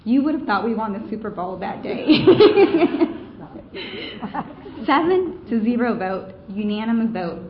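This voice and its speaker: A woman's voice: medium pitch, a little fast, hardly any pauses, a little hiss or hum. A woman telling a campaign story during a conference presentation, chatty and full of fillers. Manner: conversational storytelling, many fillers. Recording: roomy, dull room recording.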